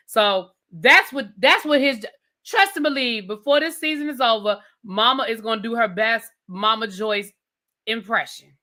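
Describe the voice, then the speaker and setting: Incredulous, bright-voiced woman ranting. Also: a little high. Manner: blunt, incredulous, rapid-fire rhetorical questions. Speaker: TV review host. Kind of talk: casual rant review.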